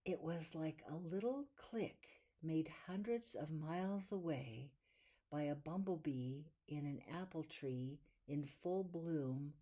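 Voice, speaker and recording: A woman reading a children's bedtime story aloud in a gentle, soothing way, drawing out the repeated lines. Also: low voice. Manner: gentle, soothing, drawn-out repetitions.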